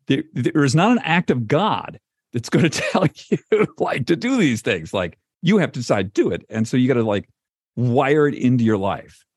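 A man's voice: medium pitch, very animated, moderate pace, slightly rough, no room sound, studio quality. A man co-hosting a podcast in casual conversation, chatty and full of "like"s and restarts. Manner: chatty, many likes and restarts. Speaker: podcast co-host.

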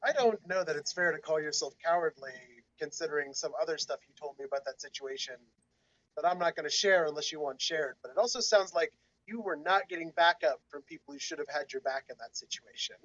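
A man co-hosting a podcast, giving quick supportive replies in casual chat. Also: on the high side, fairly bright tone, dry recording, muffled recording. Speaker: podcast co-host.

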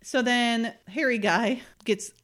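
An animated woman hosts a relaxed podcast chat. She retells TV scenes by acting out bits of the dialogue, and she laughs often. Her voice sits a little high. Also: slow. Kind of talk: casual chat recapping a TV episode.

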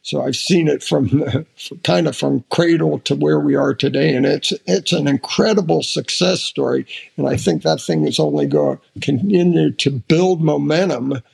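An older American man, a retired admiral, telling stories in an interview, halting with restarts and lively when quoting others. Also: on the high side, creaky. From United States. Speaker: podcast guest, retired admiral. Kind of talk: casual interview storytelling.

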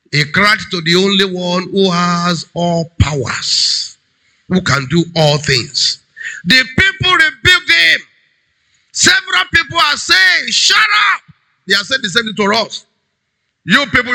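A man preaching a sermon as a pastor, emphatic, swinging between loud cries and low urgent tones. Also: vocal fry, husky, poor audio.

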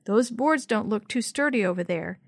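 A woman's voice: fairly high pitch, lively intonation, moderate pace, dry recording, clean studio sound. A woman doing a cautious young boy. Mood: worried. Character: cautious young boy, practical, a bit scared.

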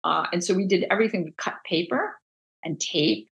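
Gravelly New Jersey woman telling stories. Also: on the low side, brisk, lo-fi sound. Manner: animated, acts out quoted voices, many restarts. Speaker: book designer, guest. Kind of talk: casual interview storytelling.

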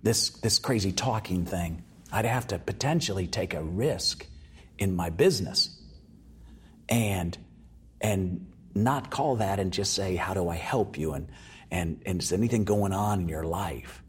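A man's voice: low voice, measured pace, husky. A man telling a story as an interview guest, acting out the voices of the people in it.

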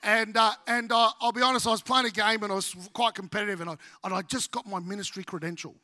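A middle-aged Australian man, a pastor preaching a sermon with humorous, animated storytelling. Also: sits high, quick pace, no room sound.

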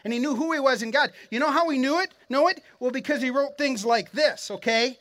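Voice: high-pitched, a little fast, few pauses, fairly bright tone. A pastor giving an earnest, encouraging sermon in a conversational way, talking straight to the congregation and often repeating words as he restarts a thought. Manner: earnest, conversational preaching with frequent word repeats; encouraging, addresses the congregation directly.

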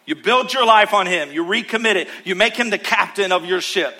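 A male pastor preaching a sermon in church, emphatic, with rhythmic repetition, swinging between loud calls and hushed asides. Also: sits high, a little fast.

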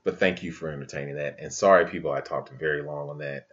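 A man's voice: extremely low pitch, quick pace, few pauses, muffled recording. A man hosting a podcast, talking in passionate bursts and often asking "you know what I mean". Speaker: podcast host. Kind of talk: casual podcast chat.

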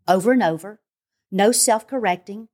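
A woman's voice: medium pitch, normal speed, a little mellow. An older woman, a grandmother, teaching as a guest on a devotional podcast, earnest and emphatic, repeating phrases in long lists.

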